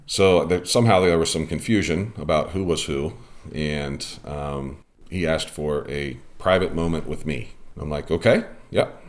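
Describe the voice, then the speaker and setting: A man with an extremely low, deep voice talks casually on a podcast, drifting through a long story with plenty of ums and restarts. He sounds like an umpire swapping stories with a friend. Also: measured pace, hardly any pauses. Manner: rambling storytelling with many fillers. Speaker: podcast host and softball umpire.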